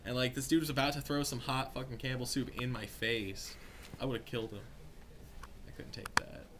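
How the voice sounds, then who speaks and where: A man's voice: medium pitch, normal speed. Rambling young man, noisy recording. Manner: rambling, profane, full of fillers. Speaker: storyteller. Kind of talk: casual story among friends.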